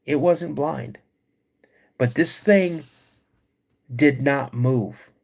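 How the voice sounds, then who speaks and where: A man hosting a live podcast, retelling a creepy encounter slowly with dramatic pauses. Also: medium pitch, creaky, a little mellow, slight background noise. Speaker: podcast host.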